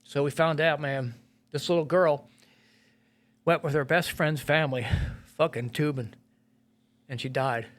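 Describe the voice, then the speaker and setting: A middle-aged firefighter and police officer telling a painful rescue story in a podcast interview, blunt and full of swearing. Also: male voice, a little high, fairly even intonation, unhurried, pauses often. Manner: blunt and profane, heavy swearing and filler words.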